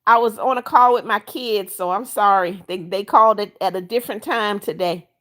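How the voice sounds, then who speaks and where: A woman's voice: medium pitch, moderate pace, fairly bright tone. A woman hosting a casual live stream from home, reading viewer comments aloud, greeting each viewer by name and coaxing them to like and subscribe. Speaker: livestream host.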